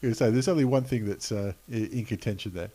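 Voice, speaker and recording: A man's voice: lowish voice, fast talker, warm tone. A man co-hosting a podcast, chiming in with jokes and hesitant, filler-heavy asides. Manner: hesitant, lots of ums and uhs, jokey interjections. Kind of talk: casual chat.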